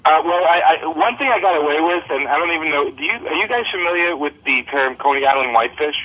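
A man's voice: fairly high pitch, fast, slightly rough. A man, a comic book writer, chatting casually as a podcast guest and acting out lines in his stories. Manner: animated storyteller, acts out quoted voices. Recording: muffled lo-fi audio.

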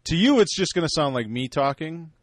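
A man's voice: on the high side, brisk, no echo. A man hosting a podcast, joking and talking casually. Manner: joking, animated. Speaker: podcast host.

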